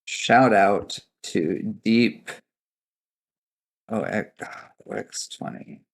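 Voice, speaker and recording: A man's voice: on the low side, very slow, creaky. A young man narrating a tabletop game as game master, rambling with many fillers.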